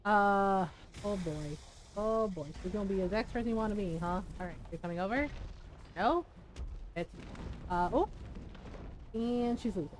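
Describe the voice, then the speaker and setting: A woman's voice: medium pitch, animated, moderate pace, pauses often, a little hiss or hum, low-quality recording. A woman chatting casually while streaming a game, laughing often and acting out bits. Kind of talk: casual gaming stream chat.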